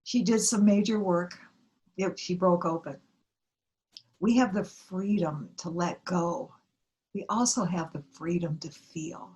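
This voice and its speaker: A woman's voice: fairly low pitch, unhurried, a little mellow, muffled recording. A middle-aged woman minister giving an earnest sermon, telling stories and acting out what people said. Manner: earnest, storytelling with acted-out quotes.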